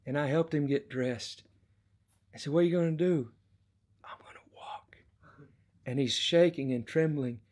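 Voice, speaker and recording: A middle-aged male preacher gives an impassioned sermon, his fairly high voice dropping to a hush and then rising loud again. He tells his testimony with fervor to a congregation. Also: a little fast, hardly any pauses. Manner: impassioned storytelling, swings between hushed and loud.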